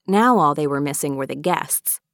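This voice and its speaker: Low-voiced woman narrating an audiobook. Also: animated, a bit bright, dry recording, clean studio sound. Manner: clear, measured storytelling. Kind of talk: scripted narration.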